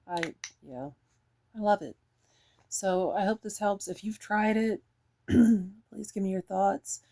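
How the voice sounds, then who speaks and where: A woman's voice: medium pitch, slow, dark tone. A woman chatting casually in a fragrance review, rambling and enthusiastic, with lots of fillers.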